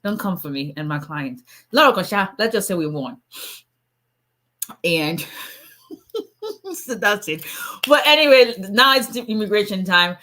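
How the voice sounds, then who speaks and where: Bright-voiced woman chatting live. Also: medium pitch, animated, a little slow, long pauses. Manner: chatty and playful, laughs often, greets viewers by name. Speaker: immigration attorney. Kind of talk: casual livestream chat with viewers.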